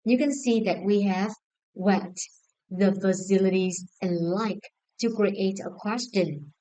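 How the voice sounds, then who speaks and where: A woman with a Vietnamese accent teaching an English lesson, giving clear, encouraging instructions to a class. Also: mid-range voice, takes it slowly, mellow, low-quality recording.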